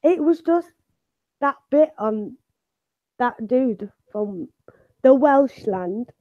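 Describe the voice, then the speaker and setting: A woman's voice: on the high side, animated, very slow, no room sound, narrow, tinny audio. A woman co-hosting a casual stream chat, telling anecdotes and laughing often while unwell. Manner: chatty storyteller, laughs often. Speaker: stream co-host.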